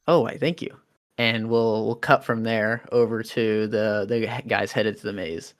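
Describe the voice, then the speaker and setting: A man's voice: on the low side, a little slow. A man running a tabletop role-playing game as game master, explaining rules and narrating scenes. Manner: relaxed, explaining rules, many fillers.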